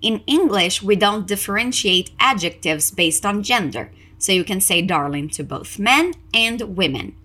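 A woman teaching English in a podcast lesson, explaining clearly and encouraging listeners to repeat out loud. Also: mid-range voice, animated, a little slow, hardly any pauses.

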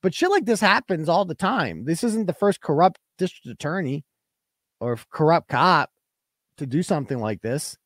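Here a man's voice on the high side sounds expressive and a bit bright, at normal speed, in clean studio sound with no echo. He's hosting a live web show, ranting brashly, profanely and combatively as he reads out donations from viewers.

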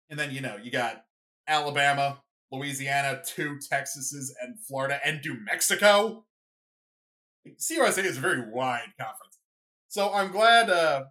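A young adult hosting a solo sports podcast, talking off the cuff at a mid-range pitch. The delivery is loose and rambling, full of fillers and restarts. It keeps tipping into excited asides. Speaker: podcast host.

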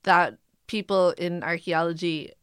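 A woman's voice: lowish voice, fairly even intonation, unhurried, fairly bright tone, smooth, no room sound, studio quality. A woman chatting casually about movies, laughing often. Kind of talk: casual chat.

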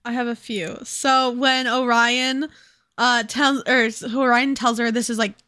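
A woman chats on a casual book podcast, emotional and quick to swear and laugh. Her voice is high and bright with a sharp edge. The recording is dry and close. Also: level tone, no room sound. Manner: swears often, emotional, laughs while talking. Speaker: podcast co-host.

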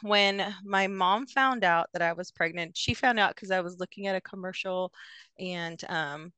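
A woman's voice: fairly low pitch, normal speed, pushed and bright, clean tone, dry recording. A young woman, a podcast guest, telling a personal story in a hesitant way with many fillers and restarts. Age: young adult.

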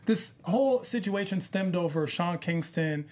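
Higher-voiced man chatting about rap news. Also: animated, measured pace, a little mellow. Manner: chatty, teasing, restarts often. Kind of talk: casual entertainment news chat.

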